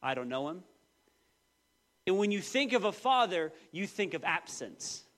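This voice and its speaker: A man in his thirties preaching a sermon, telling personal stories with lively, acted-out quotes. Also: a little slow. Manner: animated storytelling, quoting voices with big pitch jumps. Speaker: pastor.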